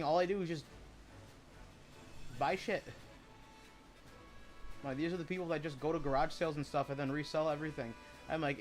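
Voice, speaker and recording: A man chatting casually while he streams a video game, rambling and swearing as he retells stories. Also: on the high side.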